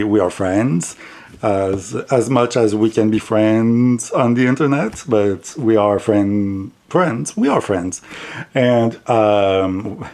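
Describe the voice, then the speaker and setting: Slow-talking man with a French accent. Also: on the low side, a little mellow. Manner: unhurried, rambling, with restarts and self-corrections. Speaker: tarot deck reviewer. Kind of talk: casual video chat.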